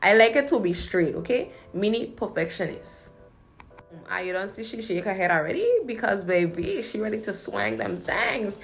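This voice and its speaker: A woman's voice: medium pitch, moderate pace, creaky, soft background music. A woman hair braider from the Virgin Islands, talking viewers through a braiding tutorial in a sassy, playful, chatty way. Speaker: hair braider and channel host.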